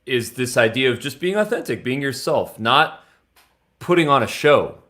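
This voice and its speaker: A man hosting an interview, asking reflective questions in a relaxed, conversational way. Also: medium pitch, normal speed. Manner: reflective, laughs easily. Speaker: interview host.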